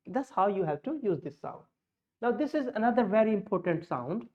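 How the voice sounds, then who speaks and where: A woman teaching pronunciation, slowly modeling vowel sounds against each other. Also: medium pitch, lively intonation. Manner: slow, explanatory, models sounds in contrast. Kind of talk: pronunciation lesson with slides. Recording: muffled lo-fi audio.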